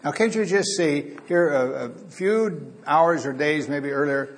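A man's voice: on the high side, a little slow. A man preaching a Bible teaching, talking casually to his listeners and reading scripture aloud with dramatic emphasis.

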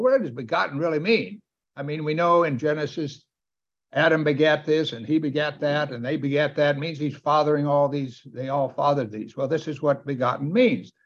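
A man preaching a sermon with emphasis, often asking his listeners questions. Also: on the high side. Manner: emphatic, asks the audience questions. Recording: dull, lo-fi sound.

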